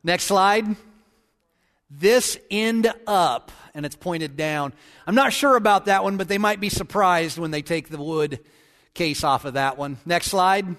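A male pastor delivers a sermon in a folksy, joking manner that turns solemn when he prays. His voice sits fairly high. It rings out with a long reverb in a church sanctuary. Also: unhurried, fairly bright tone.

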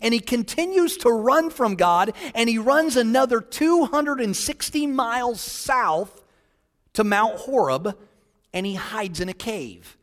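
A pastor preaching a sermon with passion, sinking into hushed tones and then building to emphatic points, and asking the congregation questions. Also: male voice, sits high, in a large hall.

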